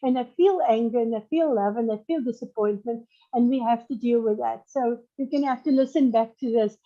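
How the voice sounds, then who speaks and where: A woman's voice: on the high side, a little fast. A woman hosting a family ministry show, eagerly asking questions and recapping what the guest said. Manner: eager, asks strings of questions. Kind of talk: interviewer wrapping up with a recap. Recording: dull lo-fi audio.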